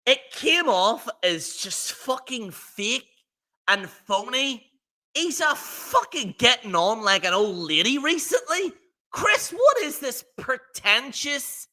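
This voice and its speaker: A man's voice: very high voice, very animated, slow, pushed and bright. A man hosting a livestream, ranting in a profane, rambling, mocking way. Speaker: livestream host. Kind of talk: casual rant on a livestream.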